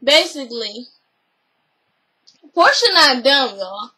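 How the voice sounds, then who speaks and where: A woman's voice: sits high, sing-song, slow pace, sharp tone, husky, poor audio. A young woman, casually recapping a reality show and giving her opinions. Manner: chatty, opinionated, retells scenes with quoted voices.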